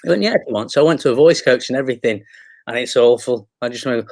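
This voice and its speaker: A man's voice: medium pitch, big pitch swings, fast talker, no room sound. A man with a Manchester accent, an actor guest chatting casually on a video call and telling rambling, self-mocking stories. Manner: self-deprecating, rambling anecdotes. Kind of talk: casual chat.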